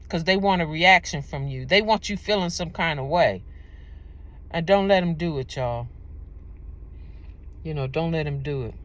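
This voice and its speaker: A woman's voice: low-pitched, a bit bright. A woman talking casually to her own camera, giving relationship advice with rambling, repetitive, emphatic storytelling.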